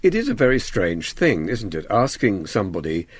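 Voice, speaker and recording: A man's voice: fairly low pitch, wildly swooping pitch, moderate pace, breathy edge, no echo. A man presenting a radio documentary, narrating and putting questions to guests.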